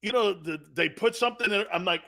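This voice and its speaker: A man in his fifties hosts a sports talk show, telling his own stories with blunt emphasis and salty slang. His voice sits a bit high for a man and is recorded dry and close. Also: brisk, pushed and bright, dry recording. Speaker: sports talk show host, former pro football player. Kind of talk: animated personal storytelling.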